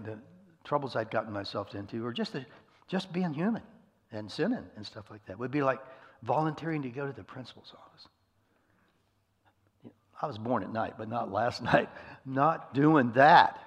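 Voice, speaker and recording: A middle-aged man delivers a folksy, self-deprecating sermon in a husky, gravelly voice. His words ring out with the long reverb of a big hall. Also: medium pitch. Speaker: pastor. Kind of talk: conversational sermon.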